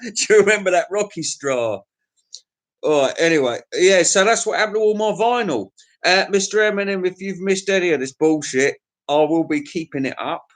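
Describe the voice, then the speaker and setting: A man's voice: high voice, normal speed. A man hosting a livestream, telling crude, profane, jokey stories in a rambling casual chat to his viewers. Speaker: livestream host.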